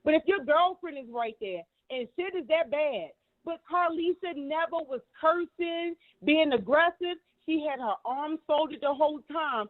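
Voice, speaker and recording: A woman's voice: sits high, measured pace, hardly any pauses. A woman giving heated, emphatic commentary, repeating herself and cursing freely. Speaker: guest commentator. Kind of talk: casual commentary. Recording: tinny phone line.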